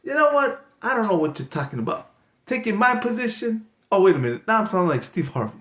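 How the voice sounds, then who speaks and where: A man voicing a gruff alpha wolf boss who brushes off a challenger in a brusque, scoffing way. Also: sits high, sing-song, fast talker, fairly bright tone. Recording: echoey room with background noise.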